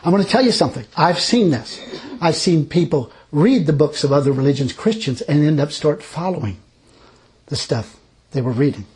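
A man's voice: fairly high pitch, expressive, moderate pace, darkish tone. A man preaching a sermon, telling stories in a folksy, chuckling way. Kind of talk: sermon with personal storytelling.

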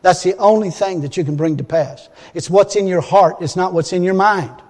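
A man's voice: sits high, normal speed, darkish tone, big-room sound. A man preaching a sermon in an emphatic, folksy way, often restarting his phrases.

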